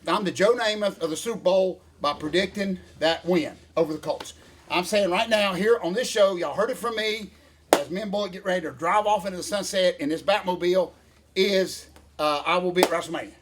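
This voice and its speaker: An older man, ranting in a folksy, animated way as co-host of a casual chat. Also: high-pitched, fairly quick, a little hiss or hum. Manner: folksy, animated rant with Southern phrasing.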